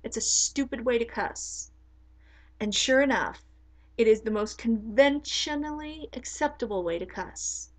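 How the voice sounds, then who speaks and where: A middle-aged woman, a spiritual teacher, talking straight to camera in a forceful, blunt, emphatic way. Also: a little high, unhurried, low-quality recording. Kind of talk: casual monologue to camera.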